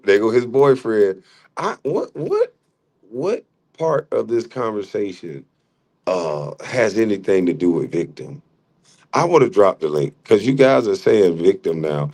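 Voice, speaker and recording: Low-voiced man mocking a rival. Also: darkish tone. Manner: mocking, combative, laughs often. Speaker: livestream host. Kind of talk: heated livestream argument.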